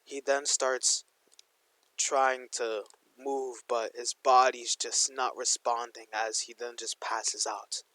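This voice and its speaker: A man's voice: medium pitch, level tone, takes it slowly, pushed and bright, no echo, rough recording. Young male storyteller, casual and slangy, dry room, mid voice. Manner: rambling, slangy, full of "like". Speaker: fan storyteller. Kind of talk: casual fan-fiction narration.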